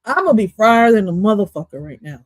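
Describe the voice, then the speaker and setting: A woman hosting a livestream, reacting to an interview clip in loud, profane, jumpy casual commentary that swings between jokes and asides. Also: mid-range voice, big pitch swings, fairly quick, no echo, rough recording.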